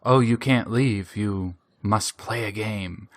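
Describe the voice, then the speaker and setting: A man doing a calm old barkeep. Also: dry recording, studio quality. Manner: slow, low-key and matter-of-fact. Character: old male barkeep running a death game, calm.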